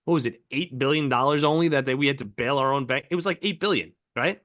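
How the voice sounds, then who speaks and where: A man's voice: mid-range voice, quick pace, a bit bright, dry recording, clean studio sound. A man co-hosting a podcast, ranting heatedly and swearing a lot in casual chat. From United States. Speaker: podcast co-host.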